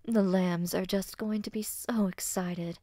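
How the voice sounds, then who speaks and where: Woman voicing a gentle ewe mother. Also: mid-range voice, fairly even intonation, a little slow, dry recording, clean studio sound, lightly acted. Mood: cheerful. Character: warm young ewe mother.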